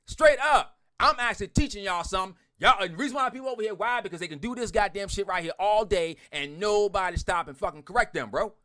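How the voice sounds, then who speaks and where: A man ranting bluntly to his online group, swearing a lot, repeating himself and swinging from loud outbursts to muttering. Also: sits high, fast, few pauses. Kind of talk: heated profane rant to followers.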